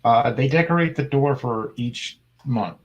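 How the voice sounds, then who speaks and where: A man's voice: mid-range voice, unhurried, muffled recording. A man in his thirties in casual chat as a co-host, laid-back and rambling, with dry sarcasm. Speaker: podcast co-host.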